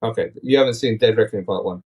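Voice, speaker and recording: A man's voice: lowish voice, quick pace, darkish tone, breathy edge. A man hosting a casual podcast, talking in an opinionated, rambling, critical way into a tablet mic. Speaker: podcast host.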